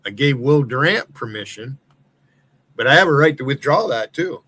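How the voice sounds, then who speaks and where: A man's voice: mid-range voice, expressive, moderate pace, sharp tone, slightly rough. A man from the United States hosting a livestream, ranting in a heated, profane, accusatory way. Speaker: livestream host. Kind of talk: angry profane rant.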